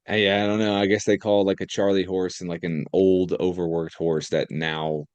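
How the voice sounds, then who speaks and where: A man's voice: deep voice, little pitch movement, moderate pace, smooth, dry recording, muffled recording. A young man co-hosting a podcast in casual chat, joking and rambling with frequent laughs. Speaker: podcast co-host.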